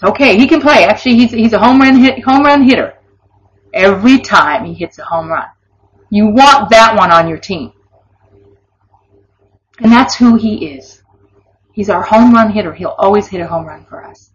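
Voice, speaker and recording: A woman teaches faith in a chatty, earnest way, breaking into laughing asides. Her voice sits at a middle pitch, and the recording sounds dull and lo-fi. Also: normal speed, pauses often. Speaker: Christian teacher. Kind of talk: informal devotional teaching. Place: online or broadcast session.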